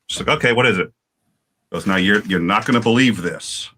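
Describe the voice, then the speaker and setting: A man telling a story on a livestream panel in casual chat, animated and halting, with many restarts. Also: fairly low pitch, a little hiss or hum.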